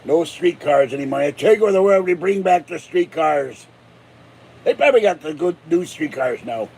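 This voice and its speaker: A man's voice: on the high side, expressive, moderate pace, gravelly, darkish tone, slight background noise. An older man from Pittsburgh, a channel host rambling through jokes and tall tales in a casual monologue. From Pittsburgh, USA. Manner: joking, chuckling, tall tales.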